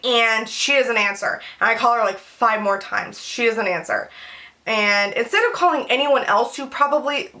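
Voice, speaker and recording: A woman's voice: a little high, normal speed. A young woman telling a casual storytime vlog, rambling with lots of fillers. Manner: rambling, filler-heavy, animated retelling. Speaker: vlogger.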